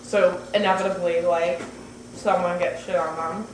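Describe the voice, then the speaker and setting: A young woman chats with friends, spilling stories in a loose, animated, profane way full of fillers. The recording is roomy and carries steady background noise. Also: on the low side, normal speed, distant mic. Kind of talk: casual chat among friends. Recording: roomy, noisy home recording.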